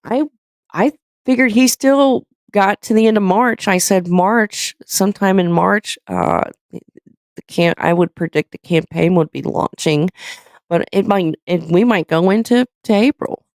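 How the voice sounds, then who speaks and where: A woman's voice: mid-range voice, measured pace, a little mellow, no room sound, clean studio sound. A woman hosting a live stream, chatting casually, rambling with lots of fillers and reading viewer comments aloud.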